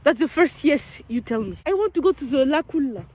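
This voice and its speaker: A woman's voice: high-pitched, expressive, a little fast, a little mellow, a little hiss or hum. A young French woman vlogging outdoors in a city, talking with a French accent, playful and teasing with big exaggerated reactions. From France. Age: young adult. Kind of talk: playful street vlog.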